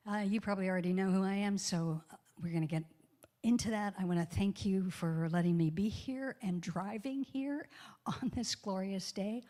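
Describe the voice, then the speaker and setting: A woman's voice: mid-range voice, darkish tone. A woman speaking as a guest minister in a church, giving a chatty, joking sermon and spelling words out letter by letter. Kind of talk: casual sermon.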